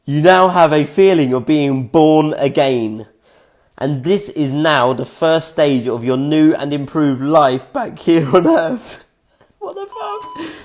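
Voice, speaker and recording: Brief: vlogger reading his notes aloud, reflective and profane, slightly higher voice, keeps giggling. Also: slow, a little mellow. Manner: reflective, swears casually. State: fits of giggling.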